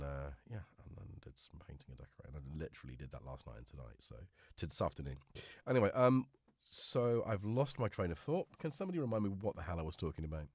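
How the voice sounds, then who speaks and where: Stuffed up with a cold, this middle-aged livestream host rambles through jokey, self-deprecating chat. His voice sits low, a little mellow with a breathy edge, recorded at studio quality without echo.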